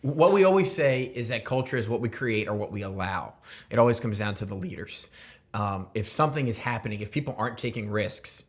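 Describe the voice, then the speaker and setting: A man's voice: on the low side, animated, brisk. A man who leads a church, talking earnestly about leadership as a podcast guest. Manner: earnest, reflective, gives examples. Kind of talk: casual podcast interview.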